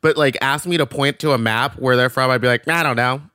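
A podcast guest in casual chat, expressive and quick to laugh. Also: mid-range voice, clear, resonant tone, dry recording, studio quality.

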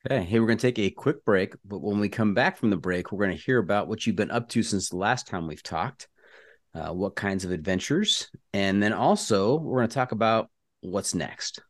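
A man's voice: on the low side, lively intonation, normal speed, dry recording, studio quality. A middle-aged man from Southern California, hosting a podcast and asking easygoing, conversational questions. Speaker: podcast host. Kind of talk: casual interview.

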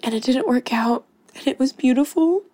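A woman caller crying as she leaves a slow, heartfelt recorded message, pausing often. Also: high voice, animated, mellow, no echo.

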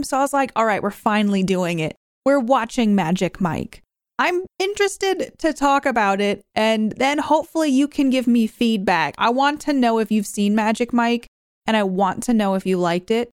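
A woman's voice: fairly high pitch, clean tone, no room sound, studio quality. A young woman hosting a podcast, chatting casually and rambling as she reviews a movie. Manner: chatty, rambling, self-questioning. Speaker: podcast host.

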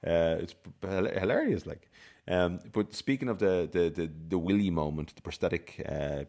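A man co-hosting a podcast, telling rambling, animated film anecdotes full of restarts. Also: sits low, moderate pace. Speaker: podcast co-host. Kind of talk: casual film chat.

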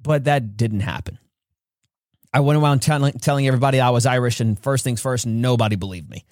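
Speaking fairly quickly, the podcast host recounts a personal story with emphasis, voicing its characters and raising his pitch for the childhood dialogue. The recording is studio quality, with no room sound.

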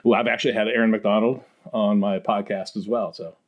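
A man's voice: fairly low pitch, fairly even intonation, brisk, muffled recording. A man in his sixties, a podcast guest, talking in an easygoing, playful way. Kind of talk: casual podcast chat.

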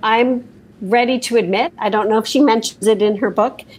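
A woman improvising an earnest, deadpan guest author in a comedy interview. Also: a little high, normal speed, slightly rough, rough recording.

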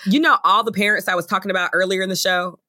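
A woman guest in casual conversation at a kitchen table, telling stories with animated laughter. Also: mid-range voice, quick pace, no room sound, clean studio sound. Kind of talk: casual chat.

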